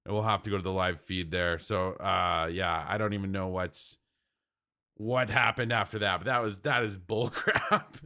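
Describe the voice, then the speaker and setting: Brief: Canadian male streamer, bright forceful voice, excitable reaction commentary. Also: deep voice. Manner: animated, exasperated, talks fast in bursts. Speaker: live stream host reacting to parliament.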